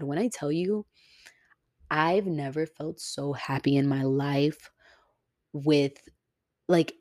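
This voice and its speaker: A woman's voice: sits low, mellow, no echo, clean studio sound. A young woman hosting a solo podcast, talking in an earnest, heartfelt, emotional way and swearing casually. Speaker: podcast host.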